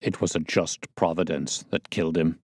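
A man's voice: low-pitched, steady tone, moderate pace, darkish tone, breathy edge, dry recording, studio quality. Man reading a bitter, broken old soldier. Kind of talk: audiobook character reading.

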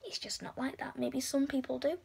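An English woman talking casually to camera as a vlogger, rambling with quick self-deprecating asides. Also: high-pitched, steady tone, vocal fry, a little mellow, slight background noise. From England.

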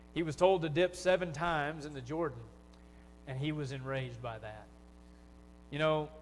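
A man's voice: a little high, in a large hall, slight background noise. A man preaching a sermon in a conversational way, often asking his listeners rhetorical questions. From United States. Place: church sanctuary.

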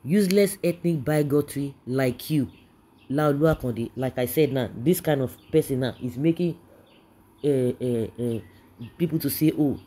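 Indignant Nigerian political commentator, husky. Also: mid-range voice, mellow. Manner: indignant, ranting, repeats phrases.

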